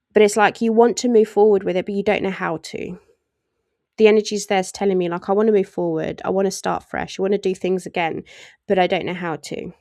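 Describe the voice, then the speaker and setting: A woman's voice: medium pitch, warm tone, dry recording, clean studio sound. A woman giving a casual tarot reading, chatty and laughing often as she acts out little voices in asides. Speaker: tarot reader.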